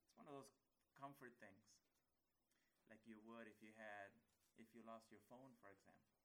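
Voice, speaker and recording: A man's voice: fairly low pitch, normal speed, poor audio. A man preaching a sermon in a conversational way, retelling a bible story and checking in with rhetorical questions. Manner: animated storytelling, acts out quotes. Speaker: pastor.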